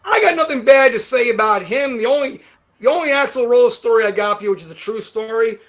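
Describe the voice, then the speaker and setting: High-voiced New man telling stories. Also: a little fast, a bit bright. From New York. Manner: swearing, rambling storyteller who laughs often. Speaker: guest guitarist. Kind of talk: casual interview chat.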